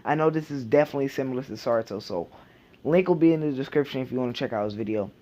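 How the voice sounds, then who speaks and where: A man's voice: medium pitch, racing, dark tone. A man casually retelling a fan fiction idea, rambling with many fillers and restarts. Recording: dull lo-fi home recording.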